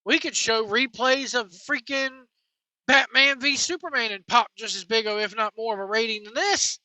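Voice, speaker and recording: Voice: mid-range voice, moderate pace, sharp tone, no room sound, poor audio. A wrestling vlogger delivering a sarcastic, profane rant to viewers. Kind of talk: ranting commentary to camera.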